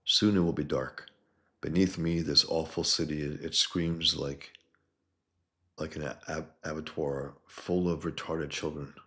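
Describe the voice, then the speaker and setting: A man voicing a grim masked male vigilante in clipped, deadpan sentences. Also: rumbling low, unhurried, heavily acted. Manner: terse clipped deadpan reading.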